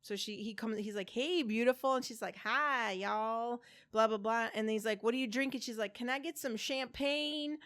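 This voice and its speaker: A woman's voice: on the high side, moderate pace, hardly any pauses, dry recording, clean studio sound. A woman in her forties co-hosting a podcast, telling a story with swearing and acted-out voices for the people in it. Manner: animated storyteller, acting out quoted voices, swearing freely. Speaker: podcast co-host. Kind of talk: casual chat, storytelling.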